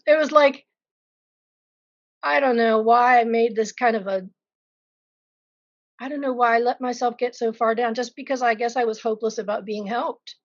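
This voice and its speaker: A woman with a somewhat high voice recounts her experience as a patient in a candid interview, frank and vivid, with wry self-deprecating asides. The sound is dry and a little dull, like a lo-fi recording. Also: no echo. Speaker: patient sharing her story.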